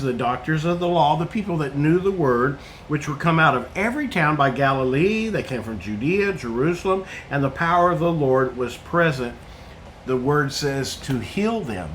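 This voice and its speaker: A man with a fairly high voice preaches an earnest sermon to viewers watching online. He comes back to his points and asks rhetorical questions as he builds his message. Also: lively intonation, normal speed, a bit bright, a little hiss or hum.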